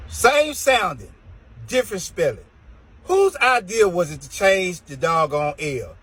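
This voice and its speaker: A man delivers an exasperated comic rant with a husky, slightly raspy edge. His pitch sits a little high and swings widely as he drags words out for emphasis, in a loose drawl. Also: sing-song, measured pace, a bit bright, rough recording. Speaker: comedian. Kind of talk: comedic rant to camera.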